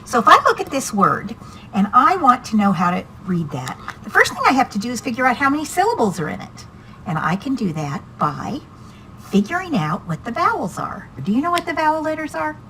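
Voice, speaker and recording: A woman's voice: a little high, big pitch swings, a little fast, bright, forceful tone, a little hiss or hum, rough recording. A woman teaching reading one-on-one to a student, patient and encouraging, asking many questions.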